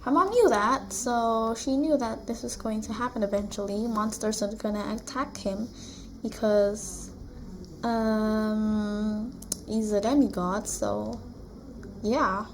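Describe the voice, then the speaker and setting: Slow, chatty woman retelling a book. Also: mid-range voice, slight background noise. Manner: chatty, rambling, full of "like" and asides. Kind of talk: casual retelling of a novel. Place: room at home with a blue wall.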